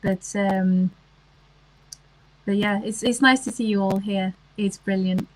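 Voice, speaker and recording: A woman's voice: mid-range voice, fairly even intonation, slow, a little hiss or hum, poor audio. A woman, chatting casually on a livestream and answering comments, with lots of ums and restarts. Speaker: livestream host.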